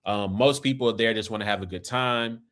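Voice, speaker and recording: Fairly low-pitched yet fairly bright, this Kansas City man speaks briskly with an American accent. As podcast host of a casual conversation, he rambles loosely and caps his points with "right?" and "man."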